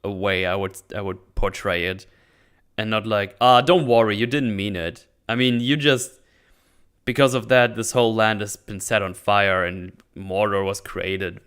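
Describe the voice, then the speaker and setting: A man's voice: on the low side, a little slow, a bit bright, clear, resonant tone. A man casually recapping a TV episode, ranting and sardonic, swearing freely. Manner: sardonic, mutters asides. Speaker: show host recapping a TV episode.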